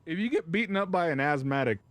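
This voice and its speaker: A man streams while telling a rambling story about a dog, laughing often and swearing freely in casual chat. His voice is a little high, animated and fast, with no room sound.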